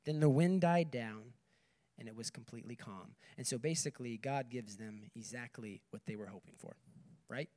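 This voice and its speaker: A man's voice: medium pitch, moderate pace, warm tone. A young man giving a conversational sermon to a group, reading scripture and checking in with "okay" and "right". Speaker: speaker at a campus ministry meeting.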